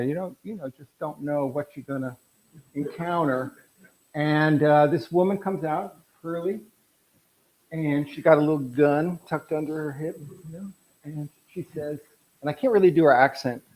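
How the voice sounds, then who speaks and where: A man's voice: fairly high pitch, darkish tone, low-quality recording. A middle-aged man presenting his photographs at an artist talk, telling anecdotes in a rambling way with frequent restarts.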